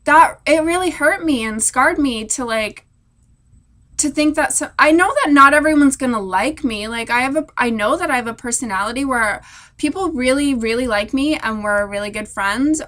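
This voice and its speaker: A woman's voice: sits high, normal speed, fairly bright tone. A young woman, a military spouse, talking through tears in an emotional personal vlog, rambling with many "like" fillers. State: crying. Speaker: vlogger. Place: hotel room.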